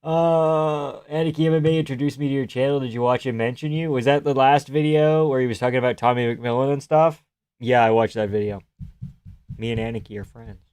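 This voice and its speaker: A man's voice: medium pitch, darkish tone, clear, resonant tone, no room sound. Offhand swearing young man streaming live. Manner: swears freely, laughs often, loose and offhand. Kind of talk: casual live-stream chat, reading viewer comments.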